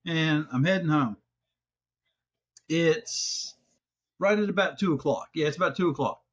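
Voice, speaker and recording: A man hosting a podcast, telling a story in casual, profane chat with loud exasperated outbursts. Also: a little high, unhurried, slightly rough. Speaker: podcast host. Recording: slightly dull lo-fi sound.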